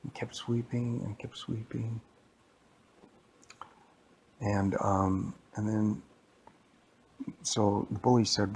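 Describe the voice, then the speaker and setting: Man with a creaky voice improvising a casual, rambling story aloud. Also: lowish voice, fairly even intonation, slow, pauses often, darkish tone, slight background noise. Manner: casual, rambling, repetitive telling. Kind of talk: improvised bedtime-style storytelling.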